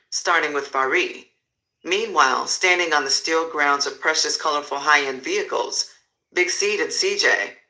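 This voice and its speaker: Casting: male storyteller, raised pitch, very bright cutting tone, vivid crime narration. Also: rough recording.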